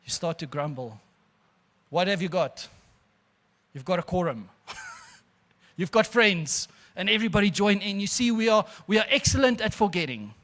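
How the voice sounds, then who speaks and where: A pastor preaching an animated sermon, calling listeners friends and laughing often. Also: male voice, high voice, normal speed.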